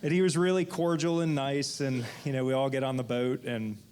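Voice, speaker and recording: A man in his forties, a fishing guide on a panel, telling a lively anecdote full of restarts. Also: mid-range voice, a little fast, slight background noise. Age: 40s. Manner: rambling, lively retelling with frequent restarts. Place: indoor event venue.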